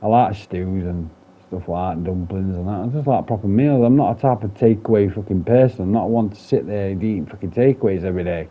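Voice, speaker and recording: A man's voice: low voice, fairly quick. A man talking candidly in a personal vlog, rambling, swearing often and restarting his sentences. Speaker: vlogger. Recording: dull lo-fi sound.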